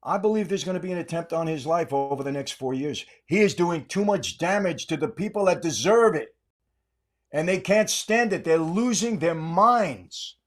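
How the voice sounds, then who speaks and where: An older man talks straight to his listeners in a political commentary monologue. He hammers each point with rhetorical questions and says it again and again. His voice sits a little higher than most men's. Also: expressive, moderate pace. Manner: emphatic, repetitive, rhetorical questions. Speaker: podcast host.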